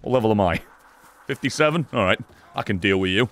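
Excitable man streaming a game. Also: lowish voice, fast. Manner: sarcastic, excitable, swears. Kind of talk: live gameplay commentary.

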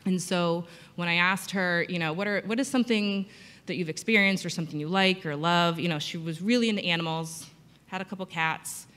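A woman's voice: lowish voice, brisk, fairly bright tone. A woman physical therapist giving a conference talk, telling patient stories and acting out the quotes. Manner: storytelling with acted-out quotes. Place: conference hall. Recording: long hall reverb.

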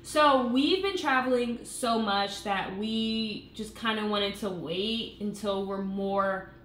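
A woman's voice: medium pitch, slow, fairly bright tone, reverberant, a little hiss or hum. A woman in her late twenties with a slight Southern country accent, co-hosting a casual live Q&A and chatting with frequent laughs. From Virginia, USA. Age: 20s. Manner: chatty, laughs often, trails off mid-sentence. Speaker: co-host of a couple's channel.

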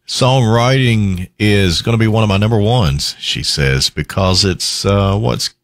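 A man hosting a country radio show, chatting between songs in a lively, easygoing way and chuckling at his own asides. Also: on the low side, creaky, dry recording, clean studio sound.

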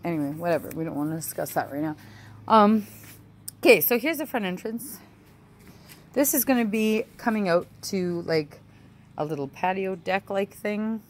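A woman's voice: medium pitch, lively intonation, normal speed. A woman telling a rambling, emotional personal story in a casual home vlog, often adding "right?" and "like". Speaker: vlogger.

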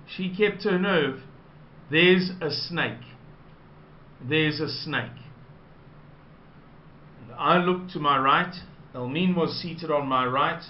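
A South African man recounts a personal story in an unhurried, rambling way, at a deliberately slow pace and a slightly high pitch. The recording is roomy and a little dull, with a faint hiss under the voice.

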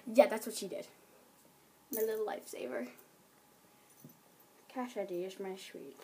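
A teenage girl chats to her viewers in a loose, giggly vlog ramble. Her voice sits a little high, and she jumps from one topic to the next. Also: unhurried, pauses often, darkish tone, a little hiss or hum. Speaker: vlogger. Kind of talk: casual vlog chat.

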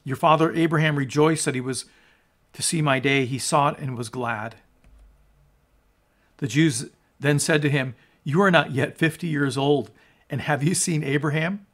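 Male pastor, slightly higher voice, earnest sermon delivery with swelling emphasis and quiet, low phrase endings. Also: moderate pace. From United States. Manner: earnest, rises in emphasis on quotes, drops low at phrase ends; restarts and stumbles on words. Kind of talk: sermon, scripture reading and commentary.

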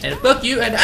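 A man hosting a let's play with loud, profane, rowdy outbursts and game audio behind him. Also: medium pitch, slight background noise. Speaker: gaming channel host. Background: game audio and music.

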